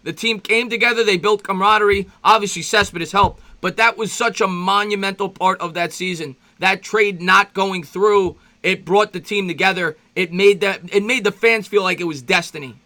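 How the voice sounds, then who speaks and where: A man calling a baseball game play by play as a fan host, chatty and rambling, breaking off between pitches to greet viewers and reminisce, his voice jumping up when excited. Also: moderate pace, few pauses. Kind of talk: amateur play-by-play commentary with reaction.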